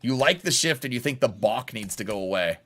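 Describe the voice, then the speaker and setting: A young man streams a baseball game live and talks straight to his chat in a loose, blunt way. His pitch swings up and down a lot as he reacts, and he breaks into laughs often. His voice sits at a middle pitch. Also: animated, brisk, fairly bright tone.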